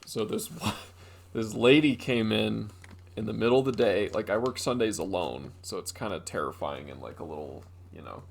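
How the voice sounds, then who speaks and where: A man's voice: fairly low pitch, moderate pace, vocal fry. A young man co-hosting a podcast, telling a rambling story with lots of fillers in casual chat. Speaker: podcast co-host.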